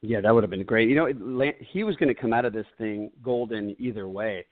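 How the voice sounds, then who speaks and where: A man's voice: lowish voice, dry recording. Laughing male co-host, dry tinny sound. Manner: enthusiastic, laughs easily, halting restarts. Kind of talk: casual podcast chat.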